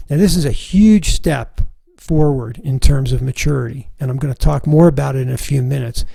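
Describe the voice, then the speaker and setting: Middle-aged male workshop teacher, gravelly and warm, calm and deliberate, dry close sound. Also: a little high, dry recording, low-quality recording. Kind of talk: recorded course lesson.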